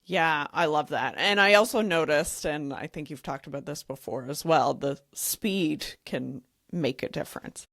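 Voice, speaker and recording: A woman hosting an interview, asking her guest questions in a measured, unhurried way. Her voice is very low and she speaks slowly, recorded dry and close with no room sound. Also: fairly bright tone, no room sound. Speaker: podcast host.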